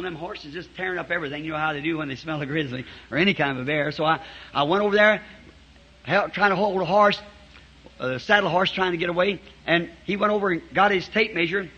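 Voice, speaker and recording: A man's voice: sits high, pushed and bright, slightly rough. A man preaching a storytelling sermon to a congregation in a church, telling it in a folksy way with frequent chuckles. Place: church meeting before a congregation. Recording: dull, muffled 1960s sermon tape.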